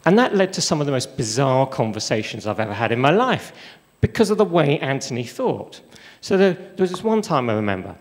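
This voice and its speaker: A man's voice: medium pitch, big pitch swings, a little fast. A middle-aged man on stage, telling funny, self-deprecating stories in a reverberant lecture hall. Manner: humorous, self-deprecating storytelling. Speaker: speaker. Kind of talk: storytelling talk on stage.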